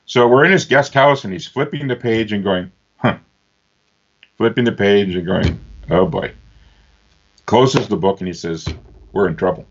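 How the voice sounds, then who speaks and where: A man from Northern Ontario, Canada, telling stories as an interview guest, animated and fond of doing lively voices for the people in them. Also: fairly low pitch, brisk. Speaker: interview guest, author and speaker. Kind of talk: animated storytelling. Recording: slightly dull lo-fi sound.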